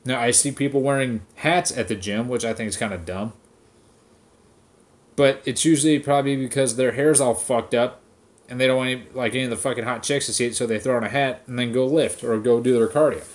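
At medium pitch and a somewhat quick pace, a male podcast host launches into a casual, profanity-filled rant, throwing in mocking impressions of others.

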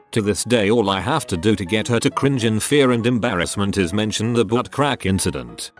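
A man narrating online stories in an even, matter-of-fact scripted reading. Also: fairly low pitch.

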